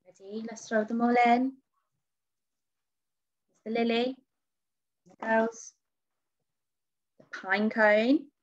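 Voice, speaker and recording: A woman reading a children's storybook aloud for a school, dramatic and expressive, with whispers and gasps. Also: on the high side, slow pace, pauses often, dull audio.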